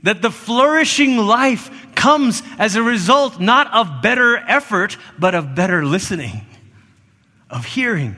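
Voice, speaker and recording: A man delivers a sermon to his church, his voice high and ringing bright. He repeats key words with emphasis and sometimes drops almost to a whisper. A long reverb trails each phrase through the church. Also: animated, a little slow. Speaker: pastor.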